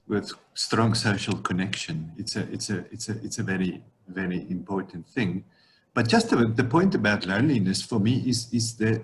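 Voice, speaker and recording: Thoughtful low-voiced man. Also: poor audio. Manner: thoughtful, with many restarts. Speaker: guest speaker. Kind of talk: reflective talk. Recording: faint background noise.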